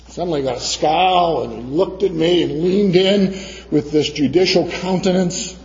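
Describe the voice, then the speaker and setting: A man's voice: high voice, moderate pace, darkish tone. A man from preaching a sermon, telling a personal story and acting out the other people's voices. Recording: dull sound in a reverberant church hall.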